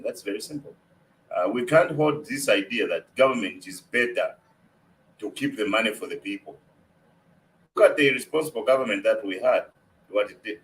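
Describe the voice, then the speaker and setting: A man's voice: lowish voice, expressive, moderate pace, a bit bright, slight background noise, low-quality recording. A man giving policy views in a remote discussion, emphatic and fond of repeating his key points. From Zambia. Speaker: guest economist.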